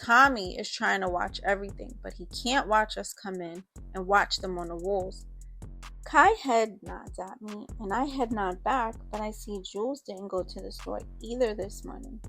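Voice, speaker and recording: Over soft background music, a woman with a pushed, bright, mid-range voice narrates her own story in laid-back street slang, voicing everyone else's lines herself with fast, snappy delivery.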